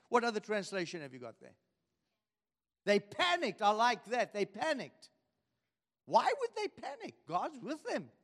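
A male pastor preaching in a strikingly high, animated voice. He works through scripture at an unhurried pace and keeps asking his listeners questions. The sound carries a long reverb, like a large church hall. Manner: preaching with rhetorical questions to the congregation. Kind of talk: sermon.

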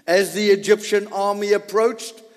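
A man preaching a sermon, swinging between loud emphasis and soft asides. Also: sits high, fairly even intonation, moderate pace. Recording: long hall reverb.

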